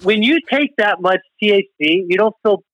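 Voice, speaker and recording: A man's voice: sits high, expressive, normal speed, a bit bright, lo-fi sound. A man guesting on a podcast, chatting casually with dry, offhand humor. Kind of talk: casual chat.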